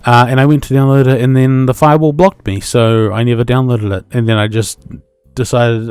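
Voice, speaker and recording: A man's voice: medium pitch, steady tone, fairly quick, few pauses, a little mellow, smooth, dry recording. A man in his twenties with a New Zealand accent, hosting a solo podcast in a rambling, self-correcting way and swearing casually. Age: 20s. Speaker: podcast host.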